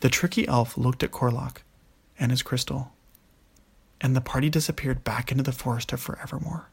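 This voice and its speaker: Guy reading a kids fantasy story, gravelly voice, mid pitch. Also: fairly even intonation, moderate pace. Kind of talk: scripted story narration.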